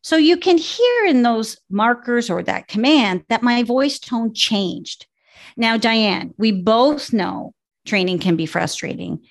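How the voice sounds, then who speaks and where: Gravelly-voiced woman dog trainer. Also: a little high, takes it slowly. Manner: steady, explanatory teaching tone. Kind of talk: instructional podcast chat.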